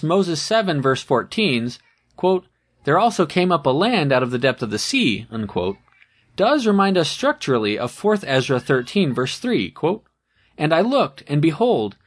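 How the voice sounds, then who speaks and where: A man reading a scholarly essay aloud, moving from solemn scripture passages into quoted commentary. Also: fairly high pitch.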